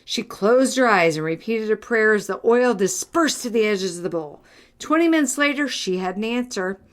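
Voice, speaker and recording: A woman's voice: mid-range voice, lively intonation, moderate pace. A young adult woman co-hosting a podcast, reading an article aloud and breaking off for jokes and laughs. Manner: reads aloud with joking asides and laughs. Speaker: podcast co-host.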